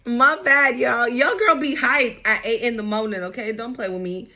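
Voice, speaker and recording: A woman's voice: on the high side, moderate pace, sharp tone, low-quality recording. A woman giving a casual tarot reading, talking straight to viewers in a blunt, hyped way and swearing freely. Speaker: tarot card reader.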